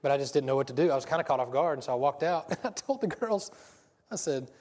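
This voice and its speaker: A man gives a casual sermon, talking quickly and wandering off into stories. He often trips over and restarts his phrases. His voice carries a long reverb from a large hall. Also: fairly high pitch, expressive, a little mellow. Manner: rambling, self-interrupting storyteller. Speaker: preacher.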